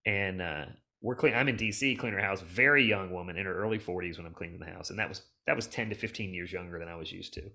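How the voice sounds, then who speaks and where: Low and gravelly, this middle-aged hoarding cleanup expert talks quickly with hardly a pause on a casual podcast. His stories ramble, restart, and leap around with real animation, while emotion pushes him close to crying.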